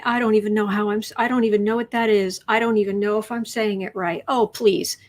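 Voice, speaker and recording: A woman hosting a livestream, reading viewer comments aloud and chatting, sometimes dropping to a whisper or cooing to her pet. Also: a little high. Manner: chatty, drifts into soft whispers and coos to a pet. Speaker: astrology and tarot channel host.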